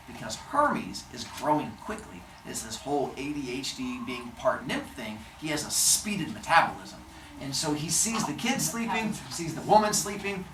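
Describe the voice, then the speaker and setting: A woman telling a myth to children in a lively, playful way, adding sound effects. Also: low-pitched. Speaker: storyteller. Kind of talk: animated storytelling for children. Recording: roomy, distant mic, faint noise.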